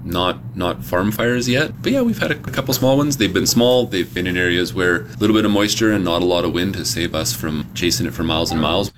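Deep-voiced man in a noisy field clip. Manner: halting, casual. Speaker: fire chief. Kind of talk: interview clip.

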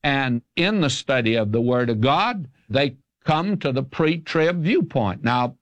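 A man's voice: mid-range voice, lively intonation, a little slow, no room sound, lo-fi sound. Older man teaching emphatically. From American South. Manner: emphatic, folksy, opinionated. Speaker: Bible teacher. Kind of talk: radio question-and-answer teaching.

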